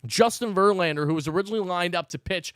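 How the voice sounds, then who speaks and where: A man's voice: sits high, fast, fairly bright tone, smooth, no room sound, studio quality. A man hosting a live postgame show, recapping the game in a fired-up way, swearing and ranting between updates. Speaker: sports channel host.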